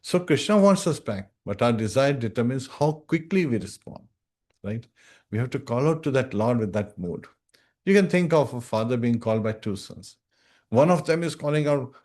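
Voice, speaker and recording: A man gives a devotional scripture class, speaking earnestly and instructively to listeners he calls dear devotees. His mid-range, a little mellow voice is animated at normal speed, and he recites Sanskrit verses, often checking in with "right?".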